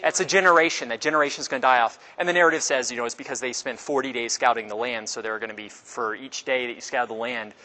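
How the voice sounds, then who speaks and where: A man's voice: quick pace, hardly any pauses, bright, forceful tone. A man teaching a Bible class in a conversational way, asking the class questions and acting out quotes. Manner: conversational, asks the class questions, acts out quotes with pitch jumps. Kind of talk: casual Bible class lecture.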